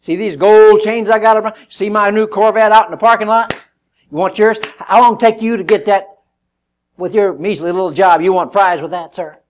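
A man's voice: sits high, steady tone, normal speed, pitched above the performer's own voice, natural voice. A man voicing a flashy, boastful tempter who taunts and shows off his riches. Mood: bragging. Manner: taunting, bragging, mocking.

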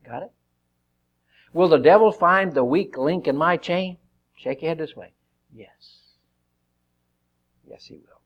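Guy preaching a sermon, kinda high voice, jokey, acts stuff out. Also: a little slow, long pauses, muffled recording. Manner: lively, joking, acts out quotes.

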